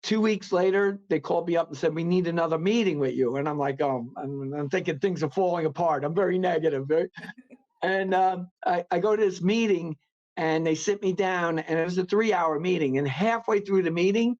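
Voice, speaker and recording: A man's voice: sits high, moderate pace, a little mellow. New York man, rambling, lo-fi sound. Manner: rambling, many fillers and restarts. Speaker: podcast guest. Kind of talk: casual interview chat.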